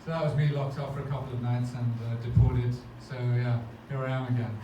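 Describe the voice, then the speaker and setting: A man's voice: medium pitch, fairly even intonation, fast, far from the mic, muffled recording. A man hosting a stand-up comedy night, telling rambling self-mocking stories on a club stage. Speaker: comedy show host. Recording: very echoey club, noisy audience ambience.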